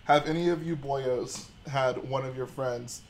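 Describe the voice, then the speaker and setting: A man's voice: mid-range voice, unhurried, slight background noise. A young man from Texas hosting a casual livestream, trading laid-back jokes with his chat. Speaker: livestream host.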